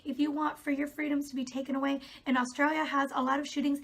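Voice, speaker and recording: A young woman vlogs in a high-pitched, level-toned voice at a quick pace. She reads out comments and answers them sarcastically and with exasperation, laughing often.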